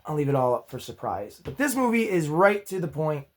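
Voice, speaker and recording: A man hosting his own movie review channel, chatty and upbeat with self-deprecating asides, his voice going hoarse. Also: fairly high pitch, sing-song, a little fast. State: losing his voice. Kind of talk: casual spoken movie review.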